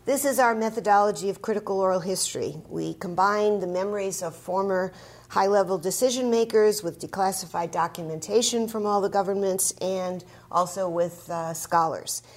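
A woman scholar explaining her research in a measured, academic way. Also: mid-range voice. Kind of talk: explanatory discussion.

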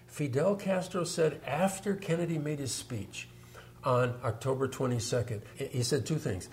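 A man's voice: medium pitch, moderate pace, darkish tone, a little hiss or hum. A man talking through history in an emphatic, storytelling way. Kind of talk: explanatory discussion.

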